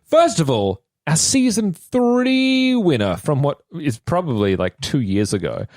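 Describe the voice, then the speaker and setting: A man's voice: on the high side, big pitch swings, unhurried, darkish tone, no room sound, studio quality. An Australian man hosting a casual podcast, introducing his co-hosts with theatrical, announcer-like flair. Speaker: podcast host.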